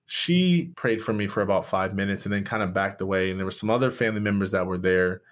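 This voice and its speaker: Earnest man pastor, animated storyteller. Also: sits low, fast talker. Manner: earnest, animated retelling with many restarts. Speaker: pastor, podcast guest. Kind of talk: candid storytelling and conversation.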